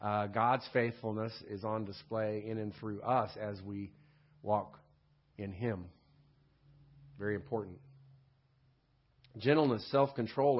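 A man teaches a Bible lesson in a relaxed, conversational way, often checking in with a quick "right?" and stopping to clear his throat. His voice sits at an ordinary pitch. The recording sounds a little dull and lo-fi. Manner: frequent throat clearing and restarts.

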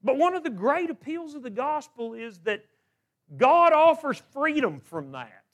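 A man's voice: very high-pitched, sing-song, unhurried. A middle-aged man preaching a sermon, asking questions of his listeners and often repeating words as he restarts.

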